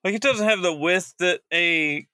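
A man co-hosting a casual sports betting podcast, matter-of-fact and halting, often correcting his partner. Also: high-pitched, sharp tone, dry recording, studio quality. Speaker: podcast co-host.

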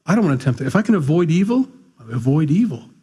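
A middle-aged male pastor preaching a conversational, animated sermon with asides. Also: fairly high pitch, fast talker, slightly rough.

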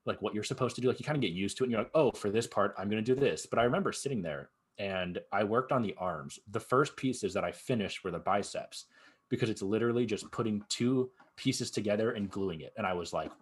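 A young man chatting casually as a guest, telling his story with lively acted-out reactions. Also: fairly low pitch, fast talker, slightly rough. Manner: animated storyteller acting out his own past reactions. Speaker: guest cosplayer. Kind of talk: casual chat.

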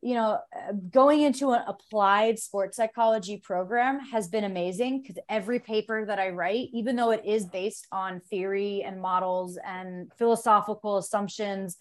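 A woman's voice: mid-range voice, steady tone, normal speed, few pauses. Earnest woman talking things through. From United States. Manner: earnest, talks things through in long run-on thoughts. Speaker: guest, jiu-jitsu athlete. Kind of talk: casual conversation.

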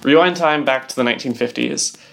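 A young woman co-hosts a relaxed podcast, explaining at length. Her talk rambles, thick with "like" and "um" as she works through her points. It is an easy, conversational chat. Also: rumbling low, a little fast, gravelly, a little hiss or hum. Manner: rambling explainer, heavy use of "like" and "um". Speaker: podcast co-host.

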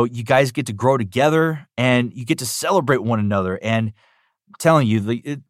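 A male voice actor answering interview questions in an upbeat, animated way, often saying "you know". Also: mid-range voice, no echo, studio quality. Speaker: voice actor guest.

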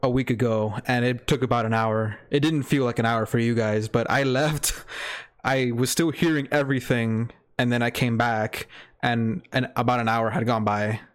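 A man's voice: mid-range voice, fairly even intonation, moderate pace. A young man co-hosting a casual podcast, teasing his friend and explaining the show's plans plainly. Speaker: podcast co-host.

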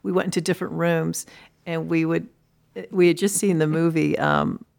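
Middle-aged woman, guest artist, relaxed and reflective, a touch of vocal fry. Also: low voice, moderate pace. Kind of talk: casual interview talk.

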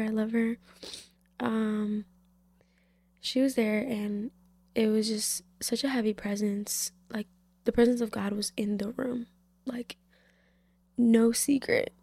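A young woman shares a faith testimony in a slow, unhurried way, her voice husky with a gravelly edge. She is tearful and emotional, often slipping into a whisper. The sound is close and dry. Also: fairly high pitch, dry recording. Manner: emotional, soft-spoken, drifts into whispers, many fillers. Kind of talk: personal faith testimony, casual.

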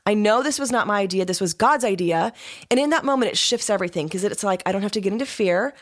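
A woman pastor tells a story as a guest on a podcast, speaking at a middle pitch. She is animated and laughs often as she goes. Her manner stays casual and talkative. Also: quick pace.

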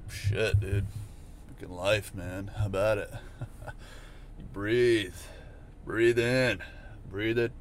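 A man rambles through a solo podcast from inside a moving car, crude and self-mocking. His voice sits fairly low, and the steady hum of road noise runs clearly under everything. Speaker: podcast host.

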